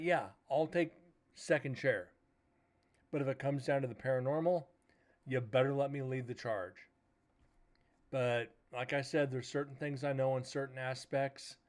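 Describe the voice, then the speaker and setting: A man hosting a paranormal livestream, casually telling a rambling story, swearing now and then and retelling conversations as quoted dialogue. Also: medium pitch. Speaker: paranormal show host.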